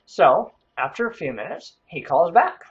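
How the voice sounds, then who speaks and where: A man's voice: a little high, big pitch swings, moderate pace, lo-fi sound. A man telling a true workplace story in a casual, wry way, chuckling as he goes.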